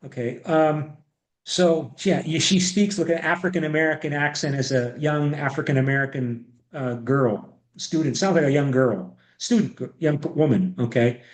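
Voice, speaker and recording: High-voiced rambling male lecturer. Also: normal speed. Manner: rambling, many restarts and repeated words. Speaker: university history lecturer. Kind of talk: online class lecture. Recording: echoey room.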